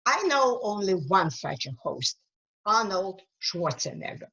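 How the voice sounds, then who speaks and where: A woman with a Ukrainian accent speaks unhurriedly in a webinar and answers questions with earnest emphasis. She fills her pauses with "um" and "you know". The sound is muffled and lo-fi, as on a video call. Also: medium pitch, sing-song, bright, forceful tone. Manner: earnest, emphatic, with frequent fillers. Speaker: guest speaker, author.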